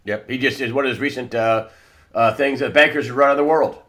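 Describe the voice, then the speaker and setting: A man hosting an interview, talking in a halting way with many restarts and confirming questions. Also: medium pitch, steady tone, fairly bright tone. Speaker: interview host.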